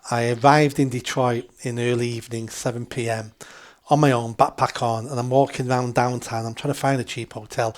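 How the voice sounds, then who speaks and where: A man's voice: medium pitch, flat delivery, fairly quick, hardly any pauses. A man, a podcast guest telling travel anecdotes in casual chat and laughing at his own stories. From England.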